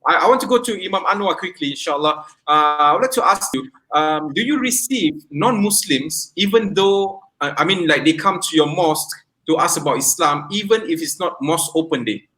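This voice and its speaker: Hesitant host, bright higher voice. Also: male voice, lively intonation, a little fast, rough recording. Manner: hesitant, with many fillers. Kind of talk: interviewer asking questions.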